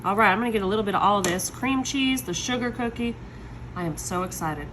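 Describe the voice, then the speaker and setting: A home cook shows off desserts in a casual cooking video recorded on a phone, excitedly chatting and calling her viewers "y'all." She has a high voice and talks fast over background noise.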